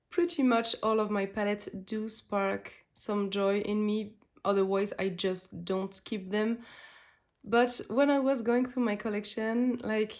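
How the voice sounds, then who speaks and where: A woman's voice: mid-range voice, a little mellow. A woman whose first language is French, talking casually and enthusiastically to camera in a beauty vlog, with frequent fillers and restarts. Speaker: beauty vlogger. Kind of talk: casual makeup chat.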